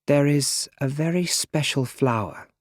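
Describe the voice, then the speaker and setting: A stern male mentor speaking in a firm, measured voice, read by a male audiobook narrator. The lines come slowly, in a dry, close recording. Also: on the high side, dry recording, voice pushed up, natural voice. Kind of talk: audiobook character reading.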